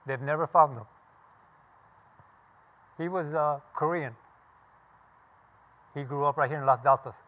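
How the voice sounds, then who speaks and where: A man's voice: fairly high pitch, measured pace, pauses often. Blunt older veteran man, tinny sound. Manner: blunt and profane, emphatic. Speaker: veteran telling his story. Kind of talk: casual spoken recollection to a group.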